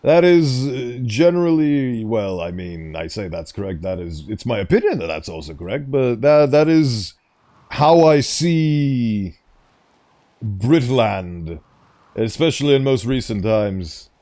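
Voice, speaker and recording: A man's voice: medium pitch, lively intonation, unhurried, warm tone. A man giving casual, rambling commentary over a game, easily sidetracked and reading on-screen text aloud. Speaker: gaming streamer.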